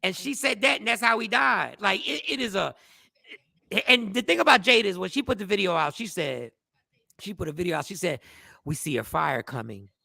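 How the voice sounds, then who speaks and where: High gravelly man with animated storytelling. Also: brisk, dry recording, studio quality. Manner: animated storytelling, bursts into shouting. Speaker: podcast co-host. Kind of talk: casual chat.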